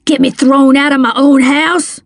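A woman voicing a drunk, violent middle-aged man who snarls threats, read slowly in a dry, close storybook reading. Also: a little high, gravelly, a little mellow, no room sound, full character voice. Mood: menacing.

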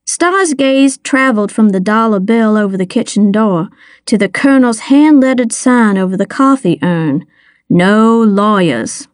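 Sex: woman. Role: audiobook narrator. Style: first-person narration, measured and wry. Pitch: a little high. Sound: dry. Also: expressive, no room sound.

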